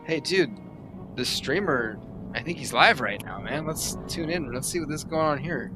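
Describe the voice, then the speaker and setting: A man's voice: fairly high pitch, lively intonation, moderate pace, noisy background. A man chatting casually with a friend during a stream, easygoing and slangy with casual swearing. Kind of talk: casual gaming chat.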